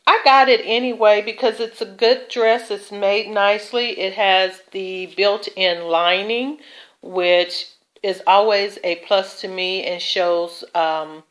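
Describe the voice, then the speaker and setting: Slow, unhurried woman showing off thrift finds. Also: fairly low pitch. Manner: chatty, with fillers and self-corrections. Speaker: thrift haul vlogger. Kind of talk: casual show-and-tell vlog.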